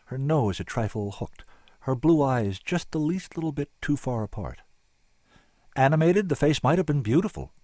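A man's voice: medium pitch, a little mellow, no room sound. A man giving dry, wry first-person scripted narration as an audiobook narrator.

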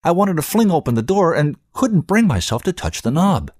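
A man hosting a show and reading fiction aloud in an expressive storytelling manner. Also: on the high side, normal speed, slightly rough, no echo, studio quality. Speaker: host and reader. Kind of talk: scripted fiction narration.

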